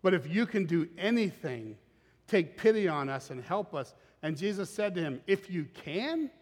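A man preaching a sermon as pastor, animated and acting out scripture quotes in dramatic voices. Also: a little high, moderate pace. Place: church auditorium. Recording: long reverb of a large hall.

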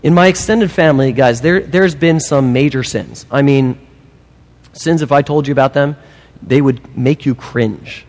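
A man preaching a sermon, emphatic and animated, with humorous asides. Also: medium pitch, a little slow, long reverb tail. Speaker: pastor.

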